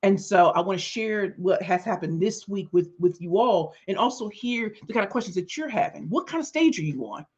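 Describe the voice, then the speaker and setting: A middle-aged woman hosting her podcast, telling a story in an animated, conversational way with emphatic repetitions. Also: mid-range voice, fairly quick, hardly any pauses, slightly rough. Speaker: podcast host and business speaker. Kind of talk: storytelling monologue. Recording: dull lo-fi sound.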